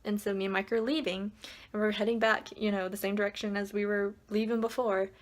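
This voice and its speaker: A woman's voice: mid-range voice, brisk. A woman vlogging at home at night, casually telling a story full of "like" fillers and acted-out quotes. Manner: chatty, frequent "like" fillers, animated quoted dialogue.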